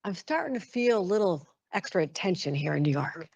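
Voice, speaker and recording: A woman's voice: lowish voice, expressive, fairly quick, creaky, darkish tone. A woman giving a formal public speech as a governor, speaking in an upbeat, praising way.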